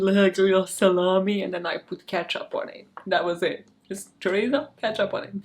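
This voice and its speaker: A woman's voice: mid-range voice, moderate pace, hardly any pauses. A woman who hosts a true crime channel, chatting casually in outtakes, giggling, mocking herself and swearing freely. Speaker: true crime YouTube host.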